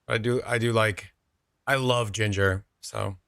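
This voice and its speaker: Bright-voiced male gaming streamer. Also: lowish voice, steady tone, unhurried, creaky, smooth, no echo, clean studio sound. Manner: chatty, reads out and answers chat, laid-back. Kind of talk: casual chat with viewers while gaming.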